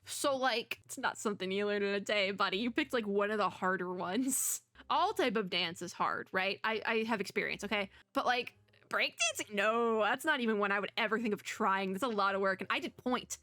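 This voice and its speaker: Young woman gamer, chatty and animated, bright tone, dry mic. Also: medium pitch, brisk, no echo. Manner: chatty, animated, reads lines in voices, laughs often. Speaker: gaming YouTuber. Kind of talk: let's play commentary reading game dialogue aloud.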